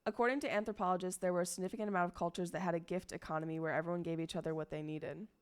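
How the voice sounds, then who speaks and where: A woman's voice: fairly low pitch, fairly even intonation, very fast, clear, resonant tone. A young woman streaming, chatting casually and rambling to her viewers, swearing freely along the way.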